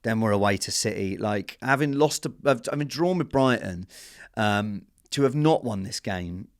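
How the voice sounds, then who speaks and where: Guy with a gravelly voice getting fired up about football on a studio podcast. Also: on the low side, moderate pace. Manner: excitable, animated fan talk. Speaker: podcast co-host. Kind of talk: casual football chat.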